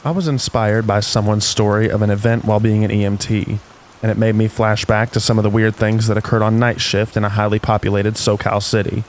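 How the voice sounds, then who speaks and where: A man reading stories aloud in calm, unhurried scripted narration meant for falling asleep. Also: fairly low pitch. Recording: faint rain noise behind.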